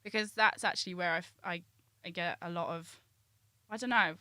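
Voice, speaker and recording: A woman's voice: lowish voice, fairly quick, pushed and bright, no room sound. A young woman in her twenties, chatting as a podcast guest in an upbeat way with frequent restarts. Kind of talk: casual chat.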